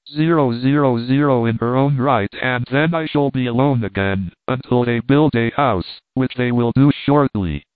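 A man reading old letters and commentary aloud in a steady, measured way. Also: medium pitch, no room sound. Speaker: reader. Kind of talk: scripted narration of old letters. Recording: dry, tinny phone-like sound.

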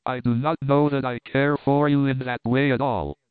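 A proud young woman, frightened yet formal and pleading, as a male reader gives her lines. The voice is smooth and sits at an ordinary pitch. It comes through a narrow, phone-like band in a dry, close space. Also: little pitch movement, normal speed, no echo, natural voice. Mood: distressed.

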